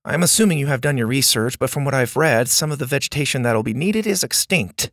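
Casting: bookish nervous boy, earnest and fast, put on by a narrator. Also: mid-range voice, animated, a bit bright, no room sound, clean studio sound, pitched above the performer's own voice, close to an everyday voice. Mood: inquisitive.

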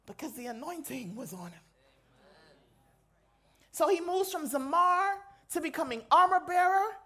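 A woman's voice: very high voice, expressive, measured pace, fairly bright tone. A woman chaplain preaching a sermon to a live audience, conversational and playful with slangy asides. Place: lecture hall with an audience.

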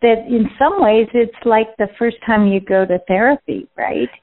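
Brief: female podcast interviewer, unhurried and measured, thin phone-like sound. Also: on the high side. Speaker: interviewer, host. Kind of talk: conversational interview. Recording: tinny phone line.

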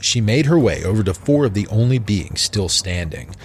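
A man narrating a dark horror story in a measured, deliberate way. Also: lowish voice, sing-song, a little hiss or hum.

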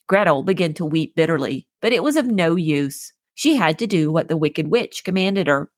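A woman hosting a children's podcast, reading a fairy tale aloud in a gentle, clear scripted narration. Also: deep voice, lively intonation, moderate pace, few pauses, no room sound, clean studio sound. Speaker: podcast host and storyteller.

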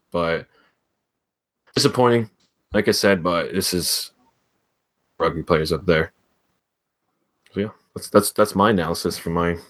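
A man's voice: low voice, a bit bright. A man co-hosting a casual sports podcast, hedging his points with plenty of fillers. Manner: hesitant, hedging, filler-heavy. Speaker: podcast co-host.

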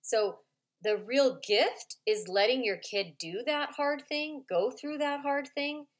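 A woman coaches parents on a podcast, speaking slowly in a chatty, informal monologue full of "like" and "right?" She softens her voice to model calm replies to kids and acts out their complaints in a high voice.

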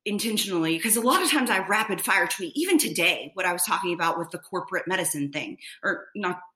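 A woman's voice: fairly low pitch, animated, fast, sharp tone. A woman in her thirties, a nurse, telling a story in a candid, casual way, full of filler words and casual swearing. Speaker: nurse guest. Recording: echoey room.

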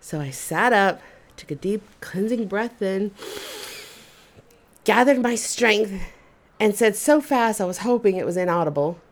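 A woman hosting a storytelling show, telling a personal story in an animated, expressive way. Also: medium pitch, measured pace, long pauses. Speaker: storyteller host.

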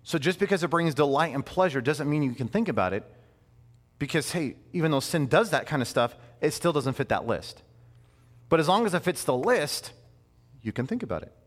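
A man in his thirties preaching a sermon in a conversational, animated way, with playful asides. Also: on the high side, fairly quick, long reverb tail. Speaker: pastor.

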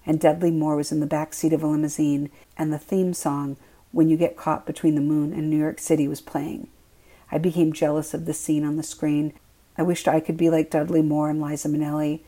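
A woman reading her own memoir aloud in the first person, quiet and measured. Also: sits low, low-quality recording.

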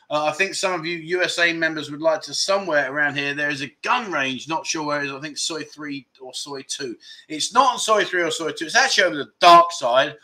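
A man's voice: a little high, bright, forceful tone. A man hosting a casual livestream chat show, reading out viewer comments and bantering back with a jokey, matey manner. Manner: chatty, reads out and answers viewer comments; jokey banter, calls people mate.

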